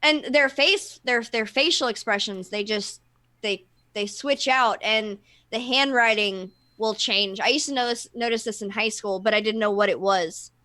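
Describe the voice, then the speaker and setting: A woman's voice: a little high, normal speed, sharp tone. A woman who works with clients, talking openly and explaining things in casual chat. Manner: open, explanatory, many fillers. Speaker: therapist.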